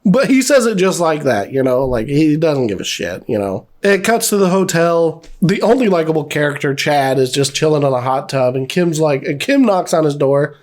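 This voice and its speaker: Male reviewer, slightly high voice, rambling profane rant. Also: expressive, normal speed, hardly any pauses, a little mellow. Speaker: movie reviewer. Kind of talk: casual spoken review.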